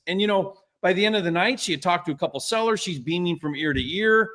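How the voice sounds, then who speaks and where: A man telling a story in a casual business chat, animated and acting out the quotes. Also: sits high, fast talker, few pauses.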